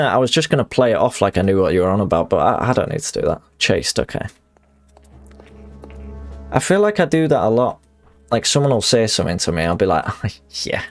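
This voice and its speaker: A man with a lowish voice streams a video game, chatting casually and reading in-game letters aloud. He rambles, pokes fun at himself, and often restarts his sentences.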